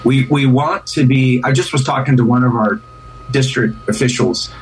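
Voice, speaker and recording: A man's voice: mid-range voice, moderate pace, far from the mic, slight background noise, poor audio. A man who is a pastor, speaking as a guest in an earnest, casual interview, often repeating and restarting words.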